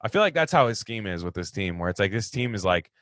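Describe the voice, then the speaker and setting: This sports talk host moves at a quick pace, ranting animatedly as he answers fan questions and veering between loud outbursts and low mutters. The sound is studio quality, with no room sound.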